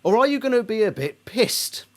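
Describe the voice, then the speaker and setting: This album reviewer has a high, sing-song voice and talks at a normal speed. In a sarcastic, indignant video monologue he rants about a band, mocking others in put-on voices.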